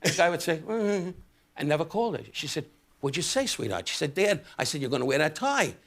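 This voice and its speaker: Brash old comedian, animated and high. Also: male voice, quick pace. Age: 80s. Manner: brash, needling, stammering restarts. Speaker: comedian guest. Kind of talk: insult comedy banter on a talk show. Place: TV studio with live audience. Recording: TV studio with loud audience laughter.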